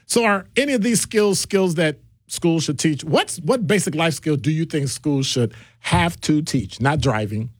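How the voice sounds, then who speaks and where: A man hosting a radio talk show in a casual, animated way, with playful asides as he moves between topics. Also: a little high, measured pace, no echo, studio quality.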